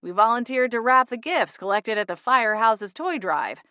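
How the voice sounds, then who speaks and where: A woman reading a first-person audiobook in a lively storytelling manner. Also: fairly high pitch, moderate pace, clean tone, no room sound, lo-fi sound. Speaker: audiobook narrator.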